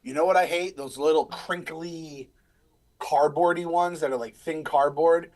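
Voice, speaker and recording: A man's voice: on the high side, measured pace. A man in his thirties, a podcast co-host, rambling through casual live stream chat and stories. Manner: rambling, animated storyteller.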